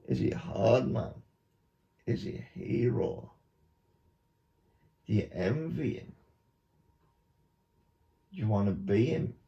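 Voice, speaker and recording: A man, a YouTuber, giving a mock hypnosis monologue with slow, repetitive, coaxing instructions. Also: fairly low pitch, creaky, warm tone. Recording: dull lo-fi recording.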